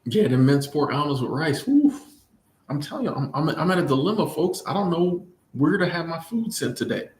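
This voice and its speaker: In a room full of echo, this slightly high-voiced man chats with viewers at a somewhat quick clip, reading their messages aloud in an easygoing, joking way and frequently repeating himself.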